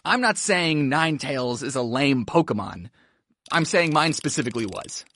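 A man's voice: on the high side, expressive, normal speed, a bit bright, a little hiss or hum. A man giving jokey, playful narration over his video game playthrough, often talking to his characters. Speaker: gaming YouTuber. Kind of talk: comedic gameplay narration.

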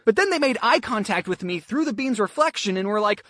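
A young man narrating a scripted comedic storytime with deadpan jokey asides. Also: sits high, fairly quick, few pauses, no echo, clean studio sound. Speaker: storytelling YouTuber.

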